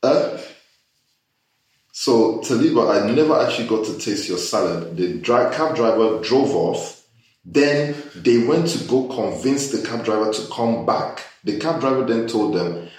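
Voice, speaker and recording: A man hosting a casual chat, animated and joking as he tells stories with disbelief. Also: mid-range voice, a little slow. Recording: echoey room, mic far off.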